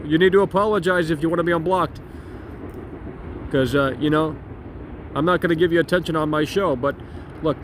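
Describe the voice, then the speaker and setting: A high-voiced man rants brashly on his livestream, swearing and repeating himself. He is talking outdoors into a phone. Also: a little hiss or hum. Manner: brash, profane, repetitive ranting. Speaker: streamer and host. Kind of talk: casual ranting livestream.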